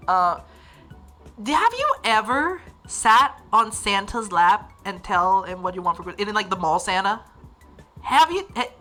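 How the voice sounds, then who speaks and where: A young Northern Irish woman chats on a livestream, rambling and giggling as she restarts her sentences. Her voice sits a little high and comes across bright and crisp, with a very animated rise and fall. Faint music runs quietly in the background. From Northern Ireland. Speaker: livestream host. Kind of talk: casual chat reading viewer comments.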